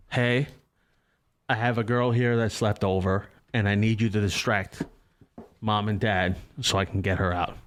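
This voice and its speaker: A young man casually telling a rambling, profane story in a chat with friends. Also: lowish voice.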